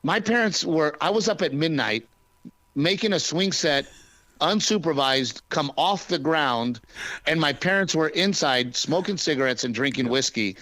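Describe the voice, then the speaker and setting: A male stand-up comedian from Texas, chatting casually and joking in an interview, with quick restarts. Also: on the high side, expressive, bright, forceful tone, no echo.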